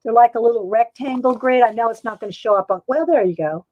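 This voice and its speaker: Chatty high-voiced woman, dry close sound. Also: fast, no room sound, dull audio. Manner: chatty, rambling, reads viewer comments aloud; frequent fillers and little laughs. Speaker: vlogger showing an art supply haul. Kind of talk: casual live-stream chat.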